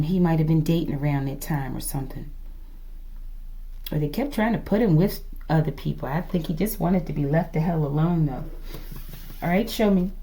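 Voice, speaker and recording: A woman's voice: on the low side, darkish tone, slight background noise. A woman giving a casual tarot reading to her viewers, musing aloud, asking the cards to show her and often calling her audience "collective". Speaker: tarot reader.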